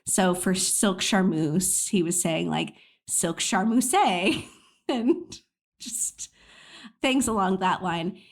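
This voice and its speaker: A woman's voice: fairly low pitch, lively intonation, extremely slow, gravelly. An American woman co-hosting a podcast in casual chat, chatty and self-deprecating, laughing often. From United States. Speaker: podcast co-host.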